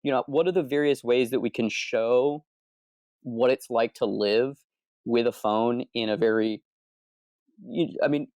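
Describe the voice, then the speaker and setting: A man's voice: medium pitch, a little slow, long pauses, a little mellow, dry recording. A man from Arizona, a comic book co-creator, chatting loosely in an interview, rambling and correcting himself. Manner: rambling, self-correcting, candid. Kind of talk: casual interview chat.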